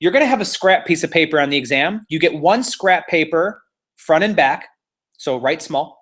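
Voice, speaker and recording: A man's voice: fairly high pitch, lively intonation, normal speed, a bit bright. A man teaching a live online real estate exam class, playful and teasing, walking students step by step and cheering them on.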